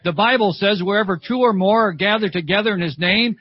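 A man's voice: high voice, brisk, husky, highs cut off. An older man preaching a sermon at a church service, telling stories fervently, repeating phrases and calling out "Amen.".

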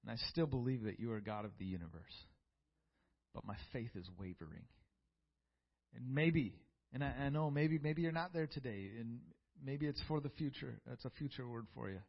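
Male preacher, gravelly and husky, fervent scripture reading. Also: medium pitch, animated, normal speed, lo-fi sound. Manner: reads scripture aloud, builds to fervent peaks. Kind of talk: sermon. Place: church.

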